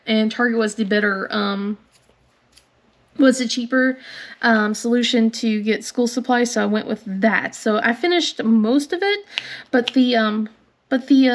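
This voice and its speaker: Crafting vlogger, woman, 30s; higher pitch, loose rambling chat, frequent giggles, slight cough. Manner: rambling, chatty, laughs often. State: coughing from bad air. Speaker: crafting channel host. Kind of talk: casual chat while crafting.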